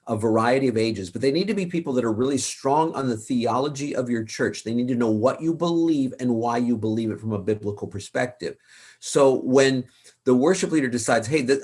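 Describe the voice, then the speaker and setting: Man, husky, mid pitch; earnest, emphatic guest sharing practical advice. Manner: earnest, emphatic, repeats words for stress. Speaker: guest, author and worship leader. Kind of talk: conversational advice interview.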